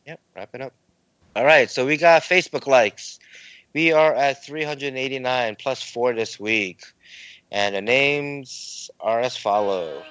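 A man's voice: mid-range voice, measured pace, fairly bright tone, no room sound, muffled recording. A young man co-hosting a casual hobby podcast, telling stories animatedly and laughing often. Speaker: podcast co-host. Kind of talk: casual chat.

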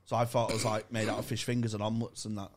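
A man's voice: lowish voice, little pitch movement, rapid-fire. Crude, jokey man. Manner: crude, jokey, rambling storyteller. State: hungover. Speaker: podcast co-host. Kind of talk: casual comedy chat.

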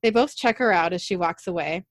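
A woman's voice: lowish voice, fairly quick, no room sound. Woman casually recapping a tv episode, reads the lines out, dry close mic. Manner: animated retelling, quoting characters in her own voice. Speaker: podcast host recapping an episode.

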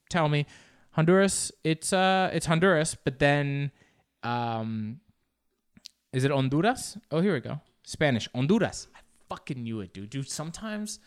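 A man's voice: mid-range voice, smooth. A young man hosting a show alone, rambling in casual, profane, self-mocking chat. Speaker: podcast host.

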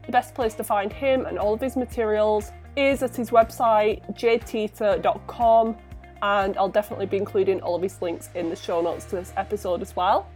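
A woman hosting a podcast, reading a scripted intro in a clear, friendly, measured way before welcoming her guest. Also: mid-range voice, steady tone, a little mellow, soft background music. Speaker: podcast host.

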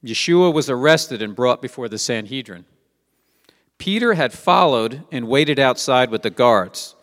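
A man's voice: mid-range voice, lively intonation, a little slow, a bit bright, in a large hall. A man preaching a sermon, reading scripture aloud and asking his listeners rhetorical questions in a conversational way. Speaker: Messianic teacher.

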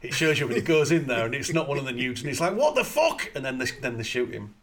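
A man's voice: mid-range voice, fast talker, fairly bright tone. A man in casual chat, retelling film scenes in a crude, jokey way as podcast co-host.

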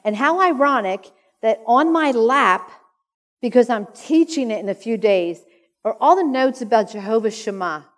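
A woman's voice: on the high side, lively intonation, moderate pace. A middle-aged woman speaking at a conference, telling a personal story in an earnest, emotional way. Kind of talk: personal testimony talk. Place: conference hall. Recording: echoey hall reverb.

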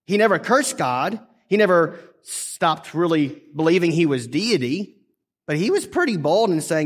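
A man's voice: fairly high pitch, big pitch swings, normal speed. A man preaching a sermon in a conversational, earnest way, dropping his voice when he quotes scripture.

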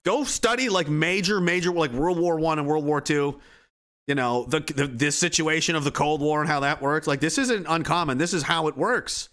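A man talking casually, profanely and excitedly, full of "like" and restarts. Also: a little high, normal speed. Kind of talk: casual rant.

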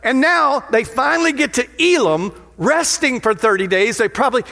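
A man pastor preaching a lively, playful sermon in a church sanctuary, often putting questions to the crowd. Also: very high voice, normal speed. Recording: long hall reverb of a sanctuary.

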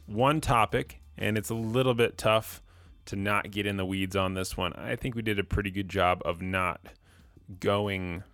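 Low-voiced man introducing a podcast. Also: steady tone, a bit bright, no room sound. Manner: brisk, informal introduction. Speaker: podcast host.

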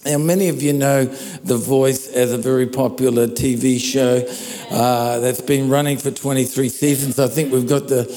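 Speaking into a handheld or stand microphone in a church hall, a pastor preaches in a relaxed, conversational style, often checking in with "all right?". His mid-range voice moves at a normal speed, and the large hall adds a long reverb.

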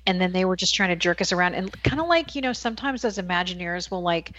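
A woman's voice: fairly low pitch, expressive, fast talker, a bit bright, muffled recording. A woman co-hosting a casual podcast chat, playful and teasing. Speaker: podcast co-host.

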